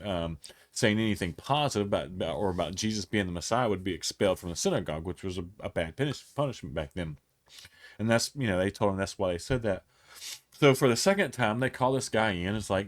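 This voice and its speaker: Lower-pitched man, pastor type, casual Bible teaching, chatty and unpolished with restarts. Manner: conversational, retells scripture in everyday speech with acted quotes; frequent restarts and fillers.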